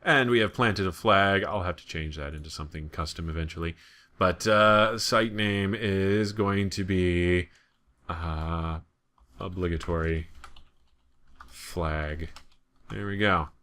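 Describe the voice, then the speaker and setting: Low bright-voiced American man playing a game. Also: takes it slowly. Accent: General American. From United States. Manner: chatty, rambling, joking asides. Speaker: let's play gamer. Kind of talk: casual gameplay commentary.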